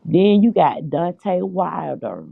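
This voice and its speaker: Gravelly, dishy gossip host on a tinny line. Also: medium pitch, sing-song, slow pace, dry recording. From United States. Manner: chatty and dishy, calls listeners child and honey. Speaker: podcast host. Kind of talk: casual gossip chat. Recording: dry, tinny phone-like line.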